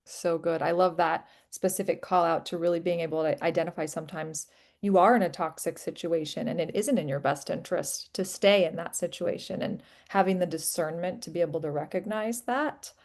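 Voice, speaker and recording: A woman's voice: on the low side, fairly quick, darkish tone. A woman moderating a webinar panel, reading out audience questions and affirming each answer encouragingly.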